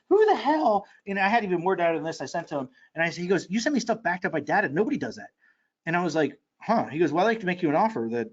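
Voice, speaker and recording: Male course seller, high-pitched and rapid-fire, excitable sales pitch, dull lo-fi audio. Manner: excitable, fast-talking, with many fillers and restarts. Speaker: online marketing course seller.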